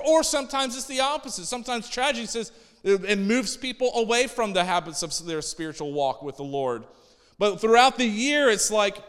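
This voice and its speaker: A male pastor preaching a sermon in a relaxed, conversational way, often restarting his phrases. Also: high-pitched, clean tone, long reverb tail.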